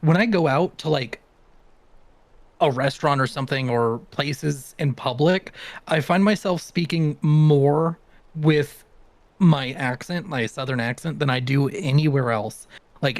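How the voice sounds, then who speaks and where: A man's voice: mid-range voice, normal speed, no room sound. A man from the American South, chatting and teasing casually on a live stream, laughing often.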